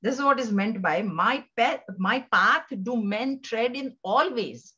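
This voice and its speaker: A woman's voice: fairly high pitch, expressive, unhurried, bright, forceful tone, slightly rough. A woman giving a scripture class, telling stories and acting out the voices in them. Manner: storytelling, acts out quoted voices. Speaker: spiritual teacher. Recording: dull lo-fi recording.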